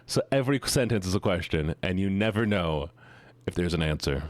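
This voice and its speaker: A man's voice: low voice, lively intonation, fairly quick. A man streaming and chatting casually with his viewers, rambling and joking as he gets sidetracked.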